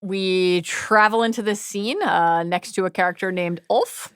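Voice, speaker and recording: A woman co-host talks through a TV episode in an animated, playful way and at times reads passages aloud from a book. Her voice sits at a middling pitch and is recorded close with a dry, dead sound. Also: a little slow, clean tone, dry recording. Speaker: podcast co-host. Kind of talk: casual recap chat.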